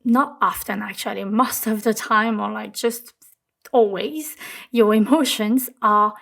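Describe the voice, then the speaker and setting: A woman hosting a self-help talk, speaking gently and reflectively, repeating phrases for emphasis. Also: mid-range voice, a little slow, creaky. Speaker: host.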